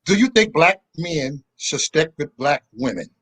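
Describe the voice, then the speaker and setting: Emphatic stammering man, lively pitch. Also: measured pace, slightly rough. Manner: emphatic, stammering, self-described aggressive. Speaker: panel guest. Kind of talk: casual panel chat.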